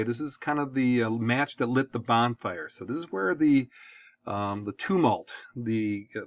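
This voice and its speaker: A man from the Detroit area teaches a history lesson in a relaxed, conversational way, often asking "okay?". His voice sits at an ordinary pitch for a man. The recording is dry and somewhat dull. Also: no echo. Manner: casual, chatty, asks "okay?" again and again. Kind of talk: recorded classroom lecture.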